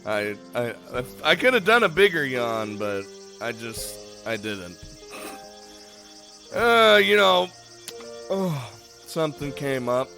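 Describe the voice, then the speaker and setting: A man's voice: medium pitch, sing-song, slow pace, creaky, pauses often, sharp tone, soft background music. A man streaming a game live, rambling and laughing often, casually swearing, just woken up and yawning.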